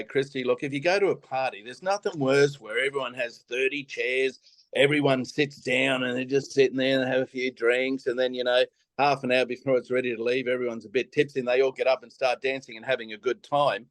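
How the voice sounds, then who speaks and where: An Australian man, a former baking show contestant, chatting as a podcast guest; a lively storyteller who laughs often and swears casually. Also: mid-range voice, dry recording.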